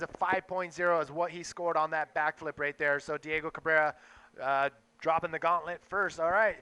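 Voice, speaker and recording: Excitable male play-by-play caller, bright high-set voice. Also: clear, resonant tone. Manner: excitable, quick bursts over action. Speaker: play-by-play commentator. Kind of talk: live sports commentary.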